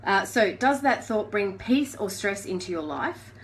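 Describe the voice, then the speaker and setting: A woman's voice: mid-range voice, expressive, unhurried, a little hiss or hum, rough recording. Chatty woman coaching live. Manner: chatty, conversational, asks the listener questions. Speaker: life coach. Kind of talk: casual live coaching talk.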